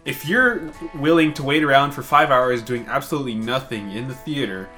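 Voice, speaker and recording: A man's voice: medium pitch, brisk, pushed and bright, faint music behind. A young man co-hosting a podcast in casual chat, rambling loosely and laughing easily. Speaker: podcast co-host.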